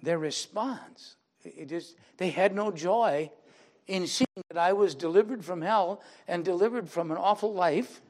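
High-pitched older man preaching. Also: measured pace. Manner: storytelling, quoting others in dialogue, rising to emphatic preaching. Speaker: pastor. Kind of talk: sermon with personal testimony.

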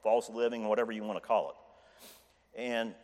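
A man's voice: fairly low pitch, steady tone, measured pace, a little mellow. Man preaching in a reverberant church. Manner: conversational, repeats "okay?" and restarts often. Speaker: lay preacher. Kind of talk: informal church Bible teaching.

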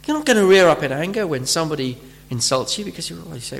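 A man preaching a sermon, often pausing and repeating words as he searches for phrasing, and acting out imagined speakers as he teaches. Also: fairly high pitch, animated, gravelly. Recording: long hall reverb.

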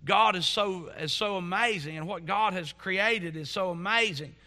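A man preaching a sermon in a church as pastor, earnest and building to fervent emphasis, then dropping to soft asides. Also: high-pitched, moderate pace.

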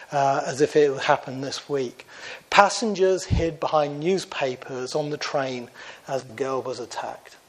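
Male preacher, earnest and conversational, slightly high voice, shifts volume for emphasis. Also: low-quality recording. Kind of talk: sermon.

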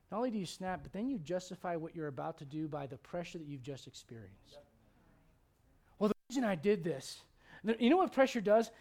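A man's voice: on the high side, darkish tone. A middle-aged male pastor preaching a sermon with humor and many rhetorical questions.

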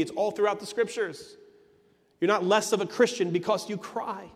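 A man's voice: high voice, moderate pace, big-room sound. A man preaching an earnest sermon as a pastor, leaning on emphatic repetition.

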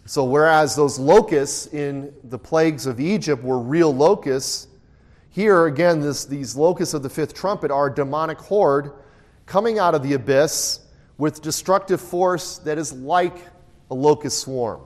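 A man's voice: a little high, a little slow. A man leading a Bible study, reading scripture aloud and asking his group questions, then echoing their answers. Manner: reads scripture aloud in a raised voice. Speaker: Bible teacher. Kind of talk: interactive Bible study teaching.

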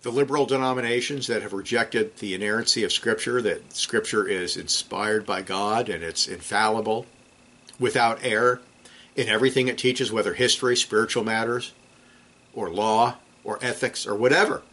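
A man preaching a sermon, swinging between loud emphatic peaks and low, quiet drops. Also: normal speed. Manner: clears throat now and then.

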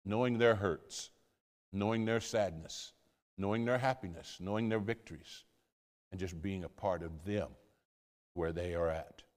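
A man's voice: low voice, measured pace. An older American man, a missionary pastor, telling stories in a sermon style, rambling with many fillers and repeated words. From United States. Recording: long hall reverb.

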